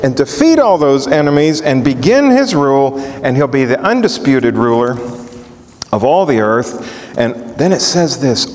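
A male preacher teaches from the Bible in an animated way, asking his audience questions as he goes. His voice is medium-pitched and unhurried, and the recording has the echo of a hall.

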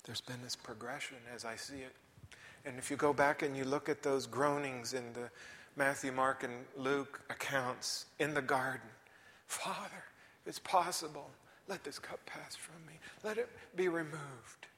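A male preacher giving a sermon, swinging between shouted emphasis and hushed whispers. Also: mid-range voice, fairly even intonation, a little slow. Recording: reverberant hall.

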